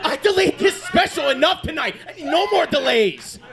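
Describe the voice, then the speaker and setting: A man doing stand-up comedy on a club stage, animated and crude, chatting with the crowd. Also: very high voice, moderate pace, vocal fry.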